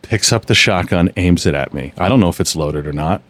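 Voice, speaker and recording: A man hosting a podcast, casually telling long personal stories in a relaxed, rambling way. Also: a little fast. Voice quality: low, relaxed storytelling with frequent restarts. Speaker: podcast host. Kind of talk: casual storytelling chat.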